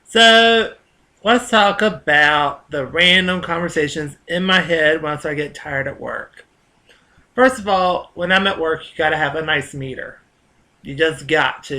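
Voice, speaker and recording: A man's voice: a little high, bright, forceful tone. A man with a Southern US accent, rambling casually in a vlog monologue, chatty and full of fillers and restarts. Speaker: vlogger.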